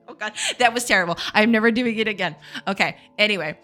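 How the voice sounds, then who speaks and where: A woman's voice: medium pitch, fast, hardly any pauses, bright, forceful tone, faint music behind. A woman streaming game development live, chatting casually with her viewers, laughing often and repeating herself in a self-deprecating way.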